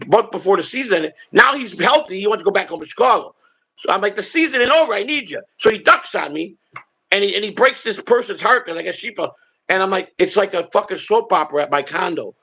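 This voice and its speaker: A man's voice: sits high, lively intonation, fairly quick, pushed and bright, husky. A man hosting a live stream, telling stories in a rambling, blunt and profane way. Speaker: streamer and show host. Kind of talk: casual storytelling on a live stream.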